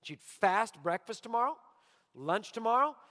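A man's voice: high voice, very animated, normal speed, sharp tone. A middle-aged man preaching a sermon as pastor, emphatic, repeating his key lines for his congregation. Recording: long hall reverb.

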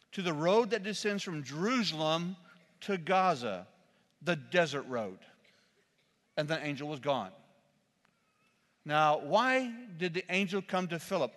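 A man, a pastor, preaching a sermon in a church, telling a humorous story with lively, shouted quotes. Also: fairly high pitch, long reverb tail.

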